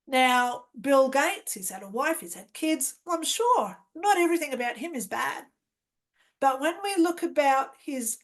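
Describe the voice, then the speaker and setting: High-voiced woman telling an earnest story. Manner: earnest, emphatic, acts out quotes. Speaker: guest telling her near-death story. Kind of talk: personal storytelling interview.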